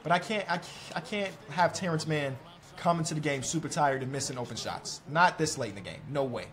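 A young man commenting on his own basketball video game as he plays, talking to the players on screen, mocking himself and shouting at big plays. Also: fairly high pitch, a little fast. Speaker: gaming YouTuber.

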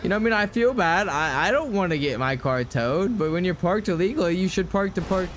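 A man's voice: sits high, animated, a little fast, slight background noise. A young man streaming a game, talking casually to his chat and ranting with lots of swearing.

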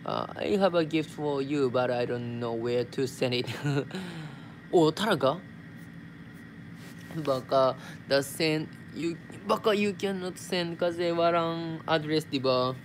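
A man's voice: on the high side, unhurried, slight background noise. A young man from Japan with a Japanese accent, chatting casually on a live stream as he reads out viewer messages and replies in simple English sprinkled with Tagalog words. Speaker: vlogger.

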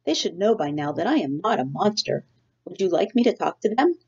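A woman voicing a calm, literal robot mother. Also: fairly low pitch, slightly rough, full character voice. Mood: concerned. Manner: formal, measured, no contractions. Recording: dull lo-fi recording.

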